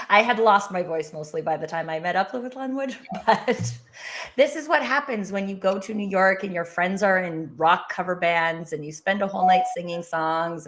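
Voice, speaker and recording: A woman with a husky voice from a recently lost voice, chatting playfully and laughing often on a panel. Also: fairly low pitch, a bit bright. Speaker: panelist, coaching business owner. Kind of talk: casual chat.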